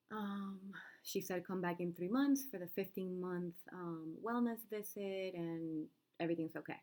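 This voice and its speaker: Young mom just talking, kinda low voice, rambly w lots of likes and ums. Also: female voice, steady tone, moderate pace, darkish tone. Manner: candid, rambling with fillers and restarts. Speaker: vlog host. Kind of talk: unscripted personal talk.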